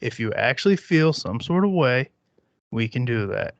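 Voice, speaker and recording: A man's voice: mid-range voice, big pitch swings, normal speed, no room sound, highs cut off. A man in his thirties hosting a podcast, talking bluntly and dismissively with plenty of swearing. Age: 30s. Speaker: podcast host. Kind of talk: casual chat.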